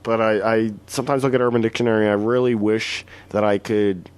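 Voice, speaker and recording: A man's voice: on the low side, little pitch movement, a little fast, clear, resonant tone. A man co-hosting a casual podcast, rambling and crude, often correcting himself mid-sentence. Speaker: podcast co-host.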